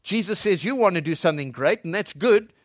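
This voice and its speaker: A man preaching a sermon as pastor in a church, swinging between loud emphatic lines and soft low passages. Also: expressive, brisk, no room sound, studio quality.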